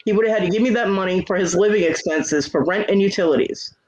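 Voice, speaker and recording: A man's voice: high-pitched, quick pace, a little mellow. A man hosting a casual livestream chat, venting in a profane, aggrieved way. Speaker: livestream host. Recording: dull lo-fi stream audio.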